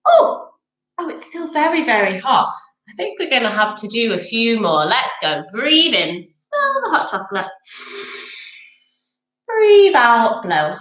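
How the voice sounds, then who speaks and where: A woman's voice: on the high side, wildly swooping pitch, unhurried, long pauses, fairly bright tone, echoey room, highs cut off. A woman leading a children's yoga class in a playful, coaxing, sing-song way. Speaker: kids' yoga teacher.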